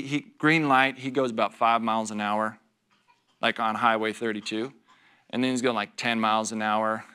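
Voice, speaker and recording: A man preaching a conversational sermon, telling stories about himself with laughter and quick asides to the congregation. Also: medium pitch, clear, resonant tone. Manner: animated, self-deprecating storytelling with laughs and asides to the congregation. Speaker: pastor teaching a Bible study. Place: church.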